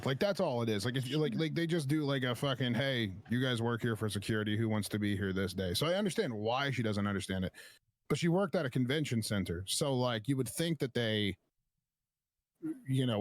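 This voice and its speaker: A man casually telling a story on a stream, swearing often and acting out both sides of an argument. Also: medium pitch. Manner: profane, animated retelling with quoted back-and-forth.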